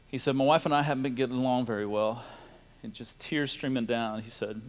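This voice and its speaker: A man's voice: mid-range voice, fairly even intonation, fairly quick. A man, telling a personal faith story to a live audience in a storytelling way. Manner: storytelling, laughing and tearful in places. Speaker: speaker sharing a testimony. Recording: reverberant hall.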